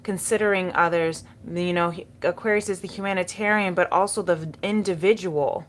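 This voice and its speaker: A woman's voice: fairly low pitch, steady tone, normal speed, a little hiss or hum. A woman giving a spiritual tarot reading, speaking in a soothing, encouraging way and repeating key words. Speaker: tarot reader.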